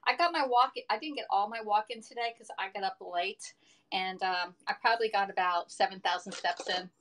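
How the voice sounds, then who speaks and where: A woman's voice: mid-range voice, fairly quick, a bit bright, a little hiss or hum. A middle-aged woman in casual live-stream chat, rambling and chatty as she talks to viewers from her home kitchen.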